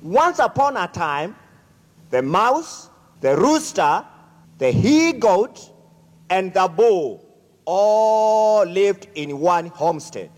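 Man telling a folk tale, high lively voice, slow, echoey hall. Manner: slow, dramatic, addresses audience. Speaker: storyteller. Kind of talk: animated folk-tale storytelling.

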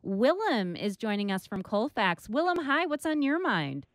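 A woman hosts a radio call-in show, introducing callers briskly and in a friendly way. Her voice is smooth and resonant, in a dry studio. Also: a little high, sing-song, no echo. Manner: brisk and friendly, keeping the calls moving. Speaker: radio host.

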